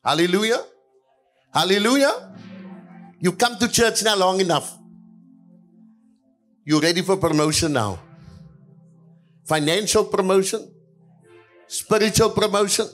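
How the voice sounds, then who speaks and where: A male pastor preaching a sermon, moving between quiet passages and louder lines, with repeated hallelujahs. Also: high-pitched, animated, measured pace, pauses often, soft background music.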